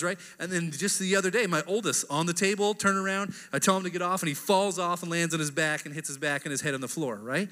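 Chatty pastor with a bright voice. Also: male voice, high-pitched, fairly even intonation, fast, hardly any pauses. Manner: chatty, keeps asking "right?". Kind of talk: casual conversational sermon. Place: church hall. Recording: reverberant church hall.

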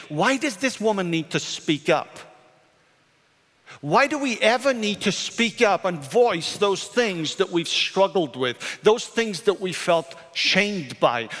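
A male pastor preaching a sermon, moving between urgent raised questions and quiet, hushed statements. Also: a little high. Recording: church hall reverb with soft music.

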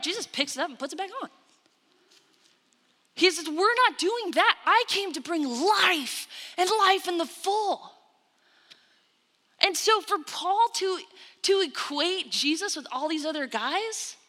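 A woman's voice: high-pitched, bright, forceful tone. A woman preaching a sermon, retelling scripture with emphatic storytelling and quoted asides. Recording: long hall reverb.

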